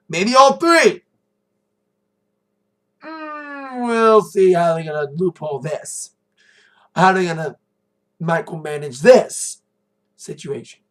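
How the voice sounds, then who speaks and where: A man giving a rambling, chatty recap of a wrestling show in a casual monologue, correcting himself as he goes. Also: sits high.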